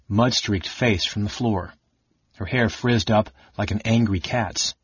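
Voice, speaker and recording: A man narrating a fantasy audiobook with a steady, expressive reading. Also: on the low side, takes it slowly, husky, no echo, muffled recording. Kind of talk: scripted narration.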